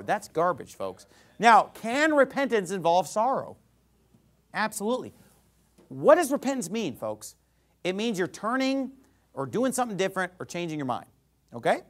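A male pastor preaching a sermon, acting out imagined speakers as he teaches. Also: high voice.

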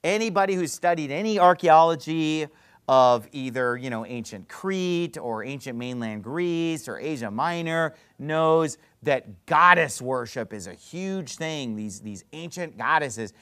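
A man's voice: on the high side, lively intonation, a little slow, a bit bright, clear, resonant tone. A man preaching a sermon, full of rhetorical questions and sarcastic jabs. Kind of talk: fiery street-preacher sermon.

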